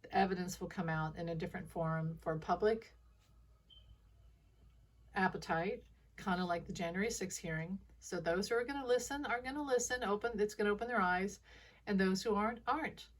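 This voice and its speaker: A woman's voice: medium pitch, a little fast, far from the mic. A woman giving casual intuitive commentary in a rambling way, often restarting her sentences and laughing. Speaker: intuitive reader.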